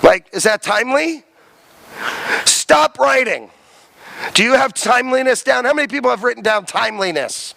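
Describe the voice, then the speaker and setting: A man's voice: very high voice, expressive, normal speed, creaky, long pauses, bright, forceful tone, no echo. A man lecturing a college class, emphatic, quizzing students and repeating key terms.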